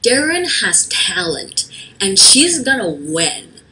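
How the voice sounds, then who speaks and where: A woman voicing a pushy, excitable teenage girl, talking in breathy eager whispers and bright outbursts. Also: medium pitch, slow, a little hiss or hum, heavily acted.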